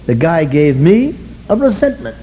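An older man with a fairly high voice tells his story to a meeting of fellow drinkers. He talks in an animated, self-mocking way, punching some lines loud and dropping others into low, wry asides. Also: measured pace, rough recording. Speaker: speaker sharing his story at a recovery meeting. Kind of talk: humorous storytelling talk.

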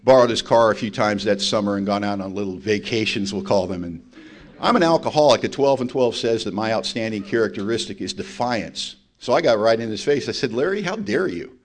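Speaking a little fast in a lowish voice, a man shares his personal testimony at a recovery meeting. His telling is blunt, emphatic and self-mocking.

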